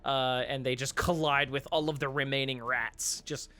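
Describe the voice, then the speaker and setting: A game master narrating a tabletop game in a relaxed way, laughing into the narration. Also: mid-range voice, normal speed.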